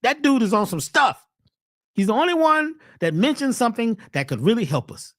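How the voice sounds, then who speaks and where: In a dry, studio-quality recording, a woman speaks a little fast. As a host and wellness speaker, she preaches through a slangy, emphatic monologue full of rhetorical questions, her pitch and voice swinging animatedly.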